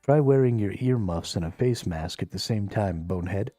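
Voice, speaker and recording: A haughty stray cat that talks down to humans and calls them names, as a man puts it on. The voice sits a little high with a mellow tone and sounds dry and close, with faint music underneath. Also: expressive, moderate pace, no room sound. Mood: scolding. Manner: haughty, scolding, insulting. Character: bossy, snarky free stray cat, male. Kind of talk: reading game dialogue aloud on a live stream.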